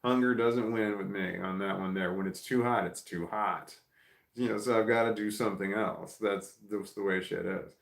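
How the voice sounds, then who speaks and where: A man's voice: low-pitched, steady tone, moderate pace, gravelly. Rambling man in an echoey room. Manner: rambling, self-correcting, swears casually. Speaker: streamer chatting with viewers. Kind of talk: casual live chat, reading comments. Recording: roomy echo.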